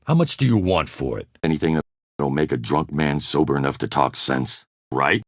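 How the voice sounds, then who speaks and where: Gravelly, curt privateer captain. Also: male voice, very deep voice, expressive, moderate pace, no echo, clean studio sound, heavily acted. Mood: gruff. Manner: curt, sardonic one-liners. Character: hard-bitten male privateer captain, blunt and mercenary. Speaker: voice actor in game recording sessions. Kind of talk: video game voice-over takes.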